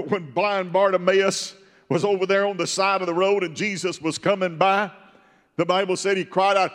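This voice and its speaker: A fervent older male preacher with a fairly high voice, swinging from quiet storytelling to ringing shouts. His sermon carries through a church with a long reverb. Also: fairly even intonation, moderate pace. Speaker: pastor. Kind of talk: Pentecostal sermon.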